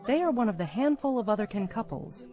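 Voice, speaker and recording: A woman's voice: on the high side, lively intonation, fast, over music. Woman narrating a documentary. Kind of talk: scripted narration.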